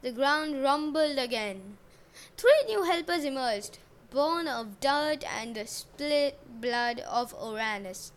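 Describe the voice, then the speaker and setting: Storybook podcast host, a woman with a high voice, unhurried narration and jokey asides. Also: animated. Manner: jokey asides, modern slang. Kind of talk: casual myth storytelling podcast.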